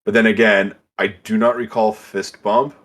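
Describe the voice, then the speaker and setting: Male co-host, lower voice, blunt casual podcast talk. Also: level tone, normal speed, fairly bright tone. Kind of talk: casual chat.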